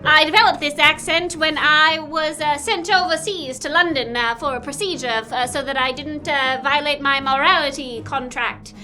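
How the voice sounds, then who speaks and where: A high, bright voice of a haughty 1940s movie starlet, as a woman improvises her. She has a theatrical transatlantic drawl, and faint music plays behind her. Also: unhurried, hardly any pauses. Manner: theatrical old-timey drawl, dramatic. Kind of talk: improvised comedy role-play.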